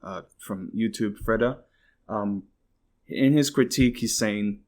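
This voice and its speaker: A man's voice: lowish voice, unhurried, a little mellow. A man hosting a podcast, giving casual political commentary in a rambling, indignant way, swearing freely and filling his talk with "like". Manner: indignant, bursts out in exclaims. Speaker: podcast host.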